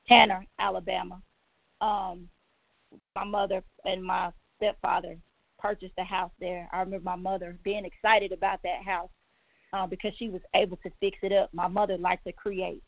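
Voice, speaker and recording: Halting, emotional woman with a gravelly voice. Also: mid-range voice, dry recording. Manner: halting, many ums and restarts. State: emotional, near tears. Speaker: guest sharing her life story. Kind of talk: personal testimony on a talk show. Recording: dull, lo-fi, dry sound.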